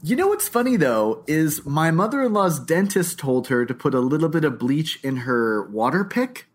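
Male comedy podcast co-host, lively up-and-down delivery, quick to laugh. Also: fairly high pitch. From New Hampshire or Florida. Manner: chatty, laughs often, animated storytelling. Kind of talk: casual comedic chat.

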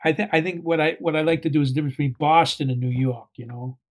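An older man, a guest actor in an interview, speaking haltingly with many pauses and fillers. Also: a little high, steady tone. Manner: halting, many ums and uhs. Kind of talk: conversational interview.

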